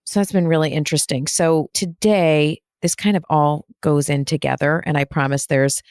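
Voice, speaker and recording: A woman's voice: deep voice, steady tone, moderate pace, darkish tone, no room sound, clean studio sound. A woman hosting her own podcast as a spiritual medium, talking in a chatty, rambling way with fillers and restarts. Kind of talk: casual solo podcast talk.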